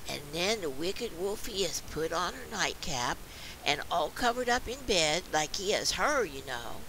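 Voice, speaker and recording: A woman's voice: fairly low pitch, lively intonation, measured pace, fairly bright tone, slight background noise. A woman reading a dialect poem aloud with a folksy, childlike storytelling manner. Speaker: reader.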